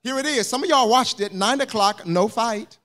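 A man's voice: extremely high pitch, moderate pace, fairly bright tone. A man preaching a sermon as pastor, telling a story that builds into fervent, rising preaching. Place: church sanctuary.

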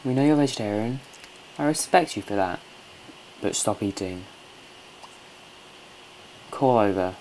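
A man's voice: fairly low pitch, lively intonation, unhurried, long pauses, a little mellow, slight background noise. A man hosting a casual gameplay commentary from home, chatty, coaxing and scolding his game characters. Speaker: let's play host.

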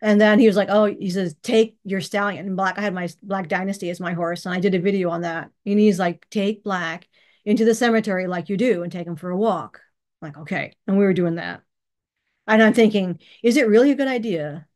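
A woman's voice: mid-range voice, a little fast, darkish tone. Chatty woman telling a story. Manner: chatty, laughs often, acts out quoted dialogue. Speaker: channel host. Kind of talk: casual storytelling vlog. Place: bedroom.

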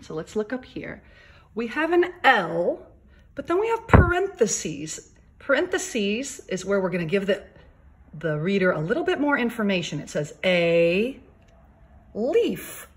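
Woman, elementary school teacher, recorded lesson, soft and patient explainer. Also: medium pitch. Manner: gentle, slow and explaining, stresses key words.

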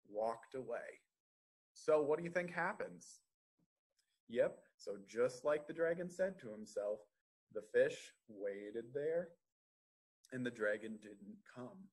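A man reading a story aloud to children at a library storytime, gently asking the listeners questions. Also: mid-range voice, animated, takes it slowly, breathy edge.

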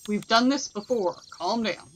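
With faint music playing behind her, a woman with an expressive voice on the high side streams a video game at a measured pace. Her casual commentary includes talking to herself and telling off the on-screen creatures.

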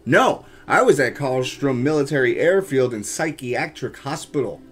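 A man vlogging casually to camera about his urban exploring, chatty and animated, often calling out to his viewers. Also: medium pitch, moderate pace, husky. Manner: animated, chatty, keeps addressing viewers as guys.

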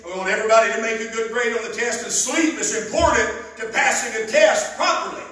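A man preaching a sermon, telling stories fervently and bursting into loud emphasis. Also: high-pitched, moderate pace. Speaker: pastor. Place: church sanctuary. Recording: echoey church hall, mic at a distance.

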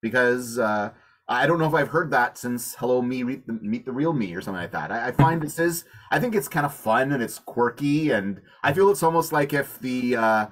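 A man's voice: mid-range voice, expressive, moderate pace. A man with an ordinary mid-range voice speaks on a review panel. He is easygoing and often hedges with "I don't know.". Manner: easygoing, hedging, trails into 'I don't know'. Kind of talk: casual panel discussion.

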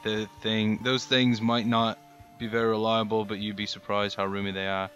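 A former priest surviving in a zombie game, voiced by a man in an accent that keeps wandering. The voice sits a little low and sounds bright. Faint music plays behind it. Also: level tone, normal speed, muffled recording, lightly acted. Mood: earnest.

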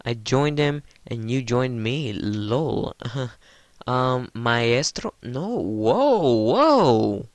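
A man hosting his gaming channel, giving excited gameplay commentary, giddy and stammering, addressing his viewers as guys. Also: medium pitch, drawn-out words, dry recording.

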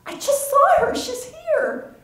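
A woman reading aloud, voicing a frantic grieving mother who pleads in a breathless, shrill way, heard in a roomy hall from some distance. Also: expressive, slow, darkish tone.

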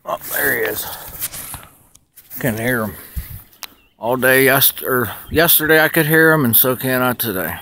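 A man's voice: medium pitch, a little slow, creaky, long pauses, sharp tone, a little hiss or hum. A man telling a dream in a rambling, profane casual monologue, laughing often.

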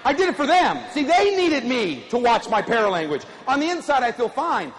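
A middle-aged man giving an animated keynote speech to a live audience, drawing call-and-response from the crowd. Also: extremely high pitch, brisk. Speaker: motivational speaker. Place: large conference hall. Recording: echoey hall, faint ambience.

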